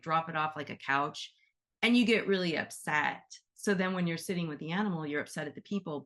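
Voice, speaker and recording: A woman's voice: low-pitched, a bit bright. A woman teaching an energy-work session in a chatty, demonstrative way, laughing easily as she walks through examples. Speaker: animal reiki teacher.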